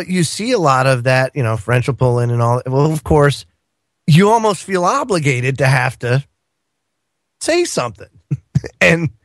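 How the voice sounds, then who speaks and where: A man's voice: on the high side, fairly bright tone, no room sound, clean studio sound. Rambling, chuckling male radio guest. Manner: rambling, many fillers and restarts, chuckling. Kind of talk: casual political chat.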